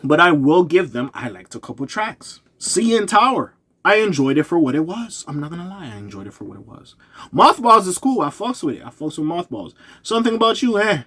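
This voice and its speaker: A man giving a casual, candid album review, talking in profane slang and getting animated when something excites him. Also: on the high side, fairly quick, slightly rough. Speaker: music reviewer.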